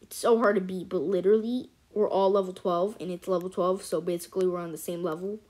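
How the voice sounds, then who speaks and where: A woman giving casual, excitable let's-play commentary as host of a gaming channel, chatty and cheering at her wins. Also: fairly low pitch, quick pace.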